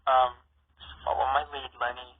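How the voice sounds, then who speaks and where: A man's voice: medium pitch, level tone, normal speed, husky, lightly acted. Man doing a pushy, sporty girl. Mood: eager. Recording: tinny phone-like lo-fi.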